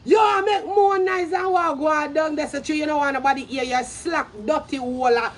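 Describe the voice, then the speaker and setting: A young Jamaican woman ranting loudly in commentary, profane and brash, bursting into shouts and cackling laughter. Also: high voice, moderate pace, few pauses, a faint crowd. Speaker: social media commentator.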